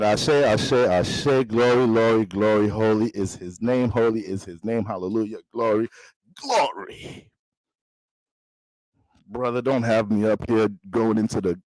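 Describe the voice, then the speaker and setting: A man's voice: medium pitch, no room sound, close to an everyday voice, poor audio. A man putting on a mock preacher voice, chanting and preachy. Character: mock preacher, grand and churchy.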